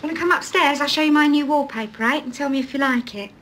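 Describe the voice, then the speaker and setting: A woman's voice: high-pitched, fast talker, a bit bright, a little hiss or hum. An actress playing a prim, chatty middle-aged woman who tries to sound posh, talking in a coaxing sing-song way in a film drama. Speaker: employer. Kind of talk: 1980s film drama acting.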